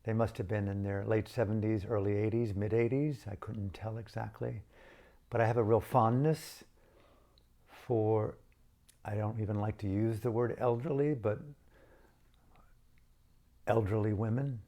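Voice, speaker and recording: A man's voice: fairly low pitch, steady tone, unhurried, pauses often, dark tone. A man from the United States telling a personal story in a reflective, self-mocking way with shifting emphasis. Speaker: storyteller and author.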